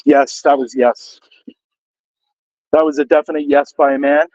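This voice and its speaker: Ghost hunter, male, high voice, dry close sound, asks spirits the same questions again and again. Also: steady tone, a little slow, darkish tone, dry recording, lo-fi sound. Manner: coaxing, repetitive questions. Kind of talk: addressing spirits during a ghost hunt. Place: outdoors under a bridge with traffic overhead.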